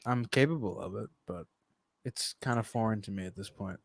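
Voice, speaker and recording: A man in a casual podcast chat, jokey and self-deprecating, trailing off quietly at the ends of lines. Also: on the low side, brisk, creaky, breathy edge, no room sound.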